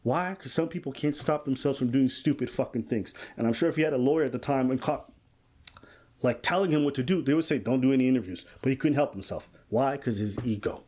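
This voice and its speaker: A man's voice: medium pitch, fairly quick, a little mellow. Man giving emphatic podcast commentary. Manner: emphatic, reads quotes aloud in dramatized voices. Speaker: podcast host. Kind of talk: casual commentary.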